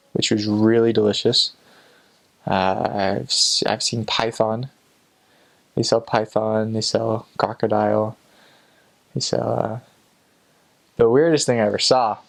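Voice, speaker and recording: A man's voice: mid-range voice, creaky. A young man, a returned missionary, casually telling amused stories with lots of fillers. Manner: relaxed, amused, chatty with frequent fillers. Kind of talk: casual storytelling.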